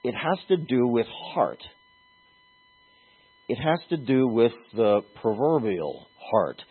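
Male pastor delivering a sermon; slow, husky, lowish voice, tinny phone-like recording. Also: sing-song. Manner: earnest, emphatic preaching with pauses and restarts.

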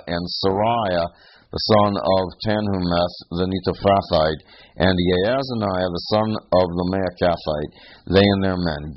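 Man, very low voice, Bible teacher, verse-by-verse teaching, slow and emphatic, muffled lo-fi recording. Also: a little hiss or hum. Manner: slow and deliberate, stressing key words.

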